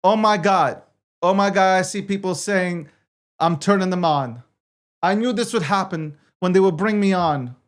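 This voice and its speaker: A high-voiced man, the weekly co-host of a casual crypto market livestream, riffs while reading through the numbers. He brags and jokes, halting and repeating his phrases as he goes.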